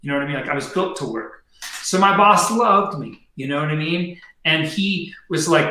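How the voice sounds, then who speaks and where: A middle-aged man appears as a podcast guest, casually telling a story in slangy speech packed with fillers and "dude." His voice is on the high side, expressive, bright and forceful at a normal speed, recorded in a very echoey room with a little hiss or hum.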